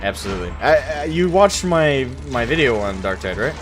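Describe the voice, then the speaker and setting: A man streaming a game with friends, chatting casually in excitable, profane, joking banter. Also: mid-range voice, moderate pace. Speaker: gaming streamer. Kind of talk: casual gaming chat with friends. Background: game music.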